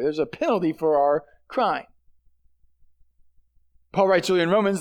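A man's voice: sits high, normal speed, pauses often. A man, a pastor, giving a sermon in an earnest, conversational way with emphatic stresses.

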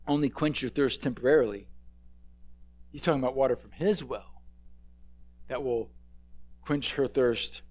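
A man's voice: medium pitch, darkish tone. A man preaching a conversational sermon, emphatic and often repeating words.

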